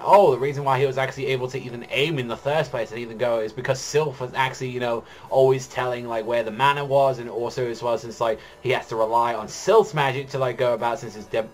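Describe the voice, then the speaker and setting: A man's voice: mid-range voice, steady tone, fast talker, few pauses. A young man reviewing manga in a casual chat, rambling with heavy filler words and frequent swearing.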